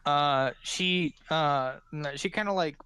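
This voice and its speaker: A man's voice: on the high side, slow pace, pushed and bright, clear, resonant tone, no room sound. Male game master, rambling narration full of fillers, close and dry.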